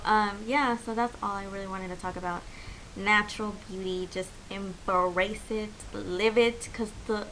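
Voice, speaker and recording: A woman's voice: medium pitch, fairly bright tone, slight background noise, rough recording. A young woman chatting to camera as a beauty vlogger, heartfelt and encouraging, with lots of fillers. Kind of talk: casual chat to camera.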